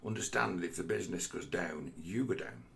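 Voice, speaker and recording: A man giving a rambling personal monologue, halting and repeating words, with the odd curse. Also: sits low, animated, gravelly, a bit bright. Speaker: vlogger.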